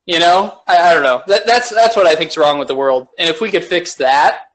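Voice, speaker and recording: A man's voice: a little high, a little fast, fairly bright tone, poor audio. A man co-hosting a podcast in casual, rambling chat. He swears and laughs often. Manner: rambling, profane, laughs a lot. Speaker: podcast co-host.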